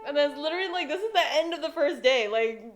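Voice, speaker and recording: A woman's voice: high-pitched, lively intonation, quick pace, faint music behind. A woman hosting a gaming channel, gushing and giggling through her playthrough commentary and saying "like" often.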